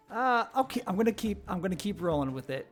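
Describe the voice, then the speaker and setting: A man hosting a game stream, reading the story text aloud and chatting with players between passages. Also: sits high. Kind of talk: game narration and casual chat.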